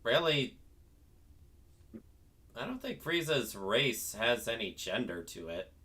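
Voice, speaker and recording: A man's voice: mid-range voice, very animated, takes it slowly, bright, forceful tone. A man streamer chatting casually with friends, often restarting sentences and laughing easily. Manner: restless, stumbles over his words, laughs easily. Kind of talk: casual chat.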